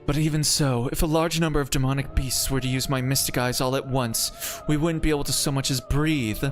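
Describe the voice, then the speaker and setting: A man voicing a calm adult woman servant from a game, in a breathy, measured voice. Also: medium pitch, faint music behind, lightly acted. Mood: cool.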